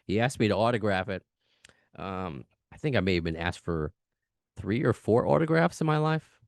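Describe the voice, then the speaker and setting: A low-voiced man hosts his podcast in quick, chatty talk, often breaking into laughs. His voice is still recovering from a recent illness. The sound is dry and close to the mic. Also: animated, creaky, no room sound. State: recovering from lost voice. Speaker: podcast host. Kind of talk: casual podcast chat.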